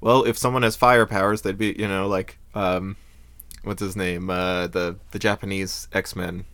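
A man hosting a podcast with a fairly low, dry and close voice. He is from the United States and chats casually, trailing off, restarting, and laughing between thoughts. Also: level tone, measured pace, fairly bright tone, dry recording. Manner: loose, hesitant, laughs often. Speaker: podcast host. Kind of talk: casual chat.

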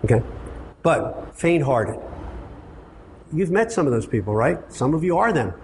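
A man's voice: fairly high pitch, very animated, a little slow, a little mellow, a little hiss or hum. A man teaching a church counseling workshop, asking rhetorical questions and acting out quotes with emphasis.

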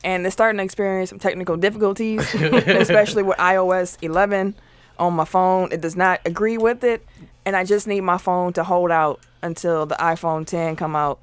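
A young adult woman co-hosting a podcast in casual banter, chatty and quick to laugh. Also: fairly low pitch, smooth, no room sound. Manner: laughs often, chatty and animated. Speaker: podcast co-host.

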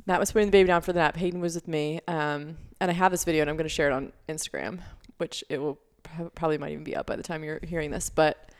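A woman's voice: low-pitched, fairly even intonation, quick pace, hardly any pauses. A young woman co-hosting a podcast, telling a story in a chatty way with lots of fillers. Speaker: podcast co-host. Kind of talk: casual chat.

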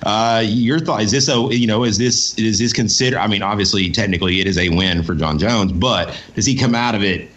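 A man's voice: on the low side, brisk, few pauses, a bit bright. A man co-hosting a fight podcast, talking casually and tossing questions to his co-host. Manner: conversational, tosses questions to co-host. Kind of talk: casual sports talk.

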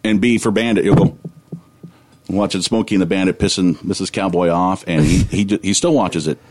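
A man's voice: low voice, fairly even intonation, brisk, a little mellow. A middle-aged man chatting casually as a podcast guest, boisterous, laughing and swearing freely. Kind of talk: casual chat.

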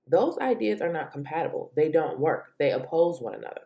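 Woman host ranting on her show, low mellow voice that shoots way up when she gets exasperated. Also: a little fast. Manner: animated, exasperated rants with sudden high pitch jumps. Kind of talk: opinion commentary monologue.

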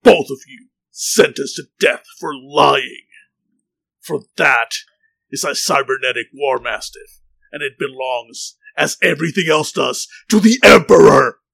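A man voicing a stern, imperious male space marine warrior in a tabletop game, with loud, slow, commanding pronouncements. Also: mid-range voice, steady tone, vocal fry. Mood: sentencing.

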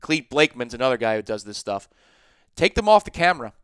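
A man co-hosting a sports talk podcast, chatty and animated, spinning stories and asides. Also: medium pitch, fast, clean tone, no room sound, clean studio sound.

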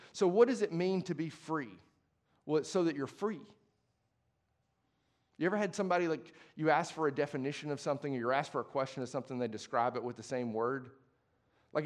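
A young adult man serves as pastor and preaches a sermon in a conversational, passionate way, shifting from hushed tones to emphatic ones. His voice is a little high.

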